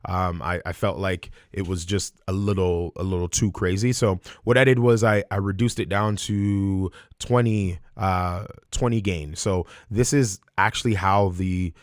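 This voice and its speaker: A man's voice: low voice, a little slow, few pauses. A young man from Canada talking casually into a close studio mic, reviewing microphones with a hyped-up show intro. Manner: energetic, hyped show intro with rising shouts. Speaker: YouTube creator testing microphones. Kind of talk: casual gear review to camera.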